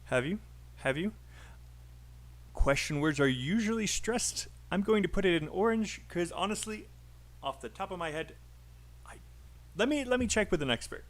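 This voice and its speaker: A man's voice: sits high, animated, moderate pace. A man teaching English pronunciation on a live stream, chatty and encouraging, calling out names from the chat.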